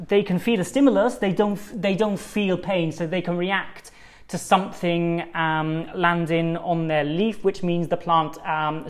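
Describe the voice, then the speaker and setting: Rambling, um-filled casual male talker. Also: fairly high pitch. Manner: rambling, filler-heavy, conversational. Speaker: podcast host. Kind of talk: casual solo monologue. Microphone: own microphone.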